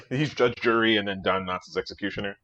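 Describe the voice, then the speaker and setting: Low-voiced man cracking dry jokes. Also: moderate pace, bright, forceful tone. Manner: dry wisecracks, laughing along. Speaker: podcast co-host. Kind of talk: casual chat.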